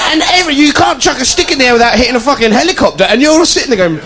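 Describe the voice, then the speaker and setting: A male stand-up comedian telling sweary, animated stories onstage and acting out the voices of people in them. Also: extremely high pitch, rapid-fire, few pauses, a loud crowd. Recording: loud background noise.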